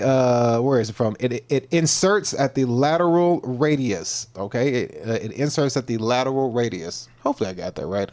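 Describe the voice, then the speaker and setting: A man's voice: medium pitch, a little mellow. A man hosting his own livestream as a fitness coach, talking casually and slangy, often repeating and stumbling over his words, at times in a mock-preacher style. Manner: slangy, laid-back.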